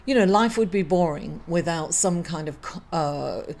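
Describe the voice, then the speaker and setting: Middle-aged woman host, grieving, halting astrology talk to camera, apologetic, full of fillers and restarts. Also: fairly low pitch, darkish tone. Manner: halting and apologetic, many fillers and self-corrections. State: grieving, emotional. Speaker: astrology reader and channel host. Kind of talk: casual weekly astrology reading to camera.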